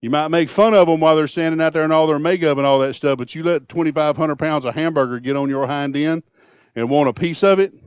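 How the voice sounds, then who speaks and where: Male pastor, sermon, folksy, impassioned, fairly high voice, dry close sound. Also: quick pace, clean tone, no room sound. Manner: folksy, impassioned, swings from hushed to booming.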